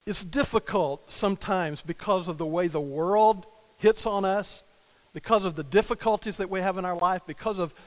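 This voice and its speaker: Older pastor with a high voice. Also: male voice, fairly bright tone, poor audio. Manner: storytelling, acts out quoted dialogue. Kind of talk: sermon with personal story.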